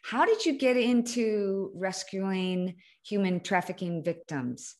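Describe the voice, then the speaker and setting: Woman host, middle pitch, engaged and affirming, chatty interview. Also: animated, takes it slowly. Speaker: podcast host. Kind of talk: conversational interview.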